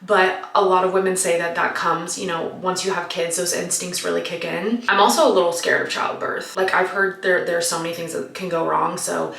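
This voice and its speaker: A woman's voice: fairly low pitch, fairly even intonation, brisk, creaky, few pauses, a bit bright. A woman in her late twenties chatting casually as she answers viewer questions, often saying "like" and laughing easily. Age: late 20s. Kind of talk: casual Q&A chat. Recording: roomy, mic at a distance.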